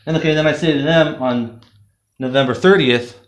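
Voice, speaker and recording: A man's voice: mid-range voice, fairly quick. A man reviewing a product in a casual, rambling, sarcastic rant full of fillers. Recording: roomy echo.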